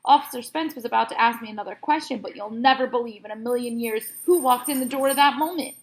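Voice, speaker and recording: A woman, a teacher, reading a children's chapter book aloud in a lively, animated way. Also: a little high, fast talker. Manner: lively, animated read-aloud with bursts of loud character lines.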